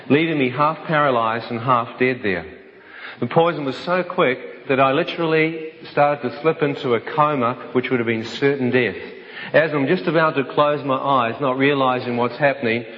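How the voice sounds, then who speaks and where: A man tells his own story as a vivid, dramatic testimony and acts out the other people's voices. His voice sits at a middle pitch. The recording is dull, with a long hall reverb. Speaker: speaker telling his life story.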